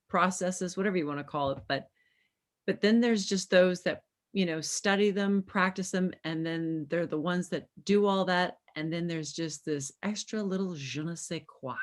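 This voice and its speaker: A woman hosting a talk, praising her guest effusively and wrapping up the show. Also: on the low side. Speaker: host.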